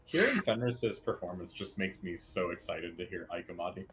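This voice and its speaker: A man co-hosting a gaming stream, chatting excitedly and stammering as he rambles. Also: low-pitched, moderate pace, a little hiss or hum. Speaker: co-host. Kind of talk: casual chat.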